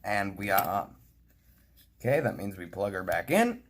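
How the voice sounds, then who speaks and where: A man's voice: fairly low pitch, very animated, normal speed. A playful young man narrating a casual hobby video, chatting to himself and his model as he works and sometimes dropping to a whisper. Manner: drops into quiet whispers while doing fiddly work.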